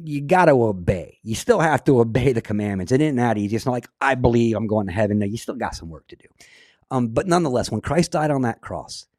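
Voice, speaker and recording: A man hosting a casual religious talk show, speaking with earnest, excitable preaching energy. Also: mid-range voice, dry recording, studio quality. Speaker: host.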